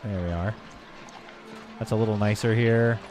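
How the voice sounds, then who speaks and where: Music plays behind this man's fairly even, lowish voice as he streams a game live. He keeps up casual, rambling, joking chat with his viewers, stumbling through French phrases and correcting himself as he goes.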